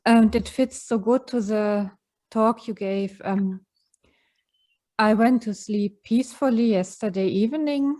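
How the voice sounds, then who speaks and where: A woman with a German accent, a retreat participant sharing softly and hesitantly with many fillers. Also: a little high, unhurried. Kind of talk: sharing in a group session.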